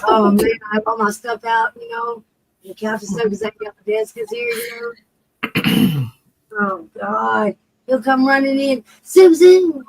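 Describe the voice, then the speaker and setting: A woman chatting casually on a stream, rambling and swearing, with a gravelly edge. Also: on the high side, very animated, a little slow, a bit bright, no room sound, rough recording. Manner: rambling, swears, many you-know-what-I-means. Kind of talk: casual chat.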